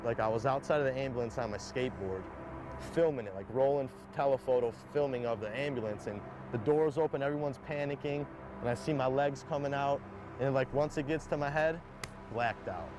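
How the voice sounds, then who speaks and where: This played clip carries loud background music behind a young man's fairly quick, medium-pitched voice. He tells his story candidly and loosely, leaning on "like" and voicing the quotes himself.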